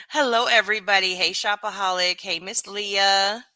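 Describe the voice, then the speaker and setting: Brief: woman streamer, blunt and salty, bright smooth voice, dry close sound. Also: lowish voice, normal speed, no room sound. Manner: blunt, profane, animated, greeting chat by name. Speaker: live streamer. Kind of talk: casual livestream chat.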